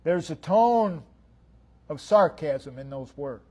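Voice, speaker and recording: A man preaching a sermon as pastor, stressing single words and swinging between loud and soft. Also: on the high side, expressive, takes it slowly, breathy edge. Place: church sanctuary.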